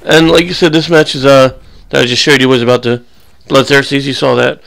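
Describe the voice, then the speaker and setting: A man's voice: medium pitch, fairly even intonation, fairly quick, gravelly, fairly bright tone. A young man giving casual, rambling commentary over his own gameplay, full of crude jokes and banter. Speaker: gaming channel host.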